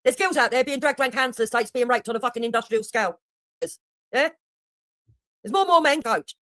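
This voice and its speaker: A woman livestreamer tears into another streamer, blunt, mocking and swearing constantly. Her voice sits fairly high and swings widely as she talks quickly. The sound is dry and close. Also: expressive, a bit bright, no echo. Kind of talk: heated reaction commentary.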